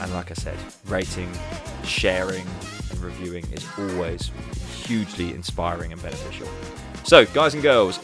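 A man hosting his own podcast, talking casually and animatedly and laughing at his own slips. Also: on the low side. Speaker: podcast host. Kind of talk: solo podcast monologue.

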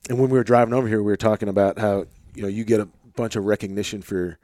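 A laid-back male podcast host with an Arkansas-tinged Midwestern accent and a low voice. He rambles easily with plenty of fillers. The sound is dry and close, with no room echo. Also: racing. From St. Louis, Missouri. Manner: relaxed, rambling, filler-heavy. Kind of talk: casual conversation. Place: home office.

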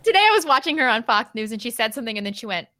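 A woman's voice: a little high, sing-song, rapid-fire, a bit bright, no echo. Sarcastic woman podcast co-host, dry mic. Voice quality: laughs often, sarcastic. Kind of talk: casual chat, reading super chats.

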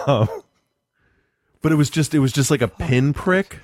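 A man chatting casually, swearing freely and telling stories with dark humor and frequent laughter. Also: medium pitch, a little slow, dry recording, studio quality. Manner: profane, darkly joking, laughs often. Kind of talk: casual chat.

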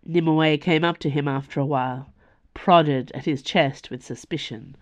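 An Australian woman reading her own serialized fiction aloud in a measured, expressive narration. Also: deep voice. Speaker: author and podcast reader. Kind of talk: scripted narration.

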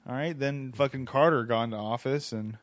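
A man's voice: mid-range voice, brisk, dry recording. A young man hosting a podcast, joking and self-deprecating in casual banter with a friend. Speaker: podcast host.

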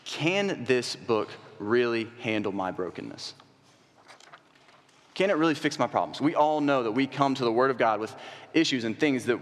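Man preaching in a reverberant hall. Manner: asks the congregation rhetorical questions; builds emphatically to higher, louder peaks. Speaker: young adult coordinator preaching. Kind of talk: sermon. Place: church sanctuary.

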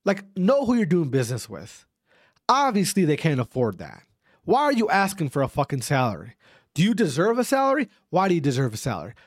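A young man, an esports commentator, rants heatedly and profanely at his viewers, lecturing, repeating himself, and checking in often with "all right?" His voice is slightly high with huge pitch swings and a somewhat fast pace, recorded in studio quality without echo.

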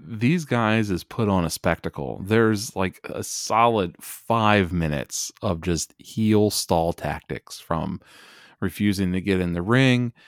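A man with a deep voice speaks slowly while co-hosting a wrestling podcast, chatting casually and enthusiastically and often restarting sentences. The sound is studio quality with no room sound.

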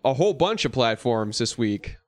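A man's voice: mid-range voice, sing-song, normal speed, dry recording. A man hosting a casual podcast, joking and steering the talk between topics. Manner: jokey, steers the topics, laughs often. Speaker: podcast host. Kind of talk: casual chat.

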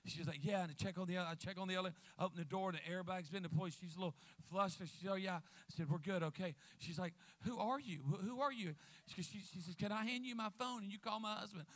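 A man preaching a sermon as a guest pastor, lively, calling out to the congregation. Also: high-pitched, fast talker, hardly any pauses. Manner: lively preacher, calls out to the crowd.

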